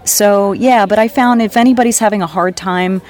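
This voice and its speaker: A woman's voice: mid-range voice, moderate pace, darkish tone. An American woman, a voice actor, chatting casually on a podcast panel and laughing easily. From United States.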